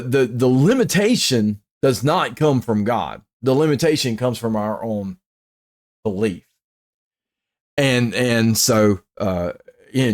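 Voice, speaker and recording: A man's voice: medium pitch, a little mellow. A male pastor teaching a bible study in an earnest way, often repeating and restarting his words.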